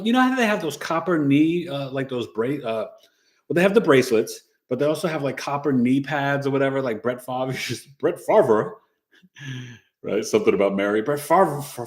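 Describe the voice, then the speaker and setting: A man's voice: mid-range voice, darkish tone. A middle-aged man hosting a casual astrology livestream, chatty and playful, reading viewers' charts and dropping in Spanish words.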